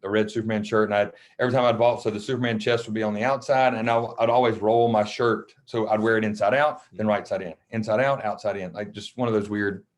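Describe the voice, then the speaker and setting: Brief: man, a coach and podcast guest, fairly low voice, casual, emotional storyteller who acts out other people's lines. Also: steady tone, fast talker, hardly any pauses. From Mississippi.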